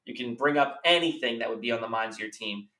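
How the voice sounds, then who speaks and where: A man's voice: mid-range voice, fast, sharp tone. A man giving earnest business advice in a podcast interview, repeating key phrases for emphasis. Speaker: business coach guest. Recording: roomy, slightly distant mic.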